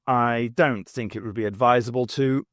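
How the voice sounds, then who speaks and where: A man's voice: medium pitch, steady tone, normal speed, a bit bright, no room sound, studio quality, lightly acted. A man voicing a blunt, insistent male vice chairman who was once a policeman, in a novel reading.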